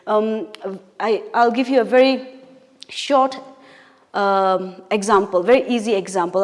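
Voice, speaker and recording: A woman's voice: mid-range voice, darkish tone. A woman teaching an English poetry lesson, explaining patiently step by step with fillers and small self-corrections. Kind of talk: recorded classroom lesson. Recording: long hall reverb.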